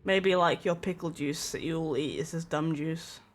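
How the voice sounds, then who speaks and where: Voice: medium pitch, normal speed, faint music behind. A streamer chatting casually and rambling, with lots of filler words and small laughs.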